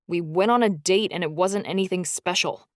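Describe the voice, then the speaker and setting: A woman voicing an angry, hot-tempered young man who growls and rants loudly in a storybook reading. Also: fairly low pitch, moderate pace, no echo, clean studio sound, close to an everyday voice. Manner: loud, raging rants.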